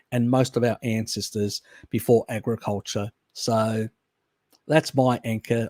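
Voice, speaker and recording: Mellow-voiced Australian man chatting. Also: medium pitch, dry recording, studio quality. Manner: loose, rambling, frequent restarts and chuckles. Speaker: live-stream host answering chat. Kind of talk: casual chat, reading and answering viewer questions.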